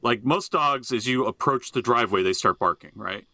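A man co-hosting a podcast, telling animated, profane stories in casual banter. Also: medium pitch, moderate pace, no room sound. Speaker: podcast co-host.

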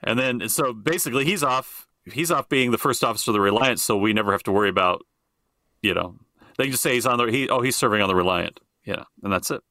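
A man's voice: medium pitch, fast, sharp tone, no echo, studio quality. A middle-aged man co-hosting a podcast in casual chat, rambling and swearing freely and often circling back to restart his point. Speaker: podcast co-host.

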